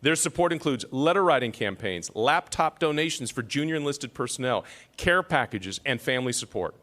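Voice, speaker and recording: A man's voice: mid-range voice, expressive, normal speed, a bit bright. A man emceeing an awards ceremony, reading citations with self-deprecating joking asides.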